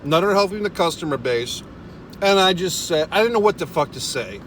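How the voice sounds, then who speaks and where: This man's voice sits high and a bit bright, animated and fairly quick, with a faint hiss or hum underneath. He's a vlogger in a parked car delivering a profane comedic storytelling rant, exasperated, cursing nonstop and cracking himself up.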